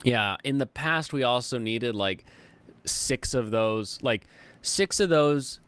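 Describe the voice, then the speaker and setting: Man, streamer host, casual chat, rambling, animated, laughs often, medium pitch. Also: takes it slowly, clean tone. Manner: rambling and animated, with sudden high excited jumps.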